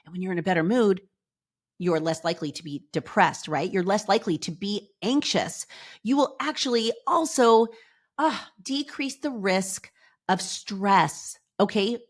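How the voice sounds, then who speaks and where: Middle-aged woman hosting a podcast, bubbly, animated, chatty, mid-pitched voice. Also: measured pace. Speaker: podcast host. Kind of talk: upbeat motivational podcast talk.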